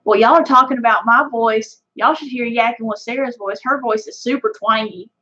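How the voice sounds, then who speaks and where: Lady doing her twangy southern friend, drawly and teasing, highish voice. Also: normal speed, pushed and bright, muffled recording. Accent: Southern US country. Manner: exaggerated drawl.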